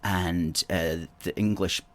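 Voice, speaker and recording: A Scottish man hosts a livestream with a fairly low voice. He talks in a loose, opinionated ramble, stops to restart his sentences and answers viewer comments as they come in. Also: steady tone, takes it slowly, fairly bright tone. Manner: opinionated, chatty, rambling with self-corrections. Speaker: host.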